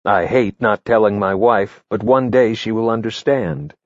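A man voicing an earnest male foreign agent who is set on his choice, read in a low voice. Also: steady tone, measured pace, no room sound, highs cut off, close to an everyday voice.

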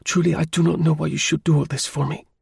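A man's voice: fairly high pitch, flat delivery, fast talker, creaky, darkish tone, breathy edge, no room sound, studio quality, pitched above the performer's own voice, exaggerated voice. A man voicing an anxious aristocratic widow, a countess, pleading and earnest in a raised voice.

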